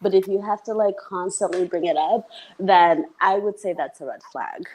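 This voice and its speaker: A woman's voice: lowish voice, moderate pace, darkish tone, slight background noise, low-quality recording. A woman guest in a casual chat, giving emphatic, opinionated remarks.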